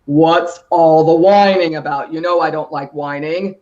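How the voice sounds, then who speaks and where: A lowered, easygoing papa mouse who likes his naps and his picnics, as a woman storyteller puts him on. He talks slowly and amiably. The sound is dull and lo-fi, like a video call. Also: fairly even intonation, mellow. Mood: grumbling. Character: gruff easygoing father mouse.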